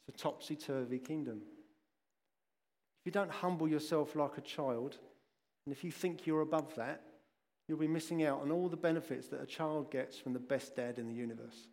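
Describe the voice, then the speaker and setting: A man's voice: on the high side, moderate pace, darkish tone. Chatty male preacher in echoing hall. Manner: chatty storytelling, asides to the listeners. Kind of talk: sermon. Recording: long echoing hall reverb.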